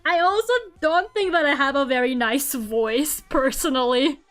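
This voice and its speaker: A young woman with a light Russian accent, chatting casually on a stream, self-mocking and quick to laugh loudly. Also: sits high. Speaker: Vtuber streamer. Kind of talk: casual chat while drawing. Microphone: streaming microphone at home.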